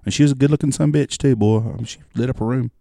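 A man in his forties tells rambling stories at a quick clip, his voice low and gravelly. He curses freely and keeps the tale rolling. The recording is dry and close. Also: dark tone, no echo. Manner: profane, rambling storyteller. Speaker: podcast co-host. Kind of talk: casual chat.

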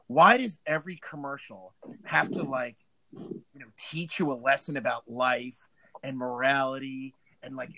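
A man's voice: medium pitch, sharp tone, dry recording, low-quality recording. A man co-hosting a casual chat, ranting with lots of swearing and frequent laughs. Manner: profane, ranting, laughs often. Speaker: podcast co-host.

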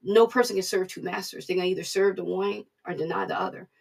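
Gravelly, husky preacher, off-mic. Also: mid-range voice, fairly even intonation, fast, distant mic. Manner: conversational, repeats points for emphasis. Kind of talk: casual devotional teaching.

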